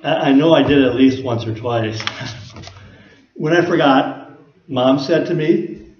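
This man preaches at a measured pace in a mid-range voice, keeping things folksy and conversational and often putting rhetorical questions to his audience. He's a pastor, captured in an echoey room with a dull, lo-fi sound.

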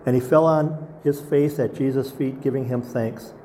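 A man's voice: medium pitch, fairly even intonation, normal speed, mellow, a little hiss or hum. A man preaching a sermon as pastor, earnest and asking the congregation rhetorical questions.

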